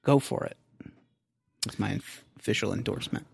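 A man's voice: fairly low pitch, moderate pace, creaky, a little mellow, breathy edge, no echo. A man co-hosting a comedy podcast in a studio, chatting casually with a profane, sarcastic, jokey manner. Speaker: podcast co-host. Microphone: close studio mic, headphones.

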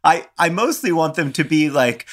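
A man's voice: on the high side, animated, moderate pace, a bit bright. A man co-hosting a podcast in casual chat over a remote call, joking in a wry, mock-earnest way. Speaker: podcast co-host.

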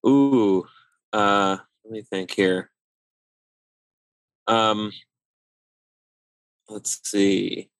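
A man's voice: fairly low pitch, very slow, pauses often, fairly bright tone, smooth, no echo. A man who is a guest on a podcast, chatting casually, hesitant and self-deprecating, often fumbling for words. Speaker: guest, politics writer. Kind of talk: casual chat.

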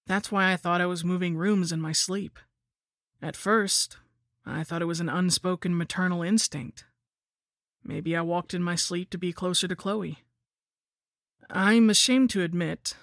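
Male horror narrator, slightly higher voice with gravel, dry close sound, wry first-person read. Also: a bit bright, no room sound. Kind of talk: scripted horror story narration.

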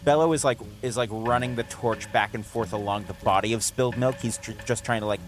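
A man at a tabletop game who speaks in an even, middle-pitched voice. He stays calm and dry, delivering lines without fuss. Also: brisk, slight background noise. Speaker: player.

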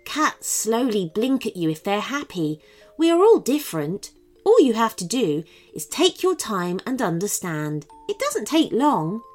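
A woman voicing a gentle, patient female horse that explains things kindly in a children's story. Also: mid-range voice, big pitch swings, a little slow, faint music behind. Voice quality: soft. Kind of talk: storybook character voice.

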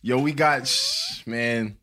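A man's voice: medium pitch, wildly swooping pitch, slow, bright, forceful tone, slight background noise. A young man hosting a casual podcast chat, joking and bantering in slang. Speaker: podcast host.

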